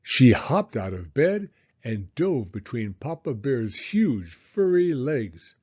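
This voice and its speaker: Guy reading a kids story out loud, slow and animated, kinda muffled audio. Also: medium pitch, breathy edge. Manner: expressive, unhurried storytelling. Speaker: storybook reader. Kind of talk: children's read-aloud.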